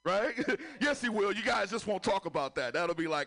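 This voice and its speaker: Here a man with a high voice tells crude, lively stories in a stand-up set at a comedy club, laughing along at his own material. His pace is normal.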